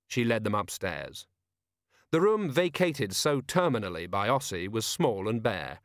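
A man reading a comic novel aloud as narrator, wry and measured. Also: lowish voice, big pitch swings, fairly bright tone, no room sound, clean studio sound. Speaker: audiobook narrator. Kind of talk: scripted narration.

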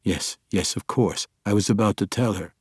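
A man voicing an old, withered male dark elf seer in an audiobook, defensive and flustered. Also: on the low side, moderate pace, slightly rough, no echo, studio quality. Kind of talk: audiobook character voice.

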